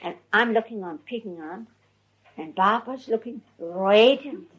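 Animated, husky-voiced woman storyteller. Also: mid-range voice, measured pace, highs cut off. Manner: animated, often laughing while telling. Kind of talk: recounting memories to an audience.

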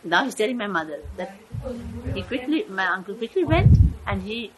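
A woman's voice: mid-range voice, lively intonation, moderate pace, poor audio. An older woman telling a family story in a rambling way, often stopping to search for words. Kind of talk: personal storytelling. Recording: crowd chatter in background.

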